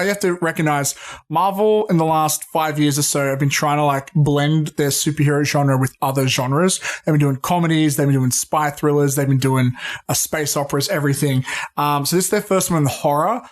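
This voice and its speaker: Brief: male podcast co-host, a touch high-pitched, excitable, profane, calls people "dude". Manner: excitable, swears freely, says "dude". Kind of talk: casual pop-culture chat.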